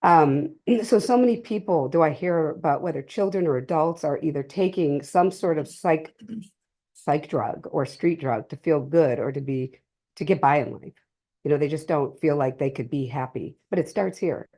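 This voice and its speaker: Middle-aged woman, low mellow voice. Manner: emotional, halting, many pauses and restarts. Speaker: speaker sharing a family story at a drug-prevention session. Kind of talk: personal testimony to a live audience. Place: community cultural center, in person.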